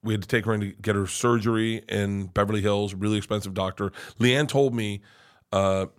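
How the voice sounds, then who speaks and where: A middle-aged man telling a long story as a podcast guest, cursing freely and swinging from hushed to loud. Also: on the low side, fairly even intonation, fairly quick. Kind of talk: casual storytelling.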